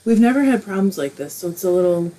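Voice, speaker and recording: A woman's voice: lowish voice, animated, fast talker, mellow, poor audio. A middle-aged woman hosting a live crafting stream from home, chatting casually and reading viewers' comments, emotional and close to tears at times while laughing it off. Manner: emotional, tearful at moments, laughing it off. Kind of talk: casual livestream chat, reading comments aloud.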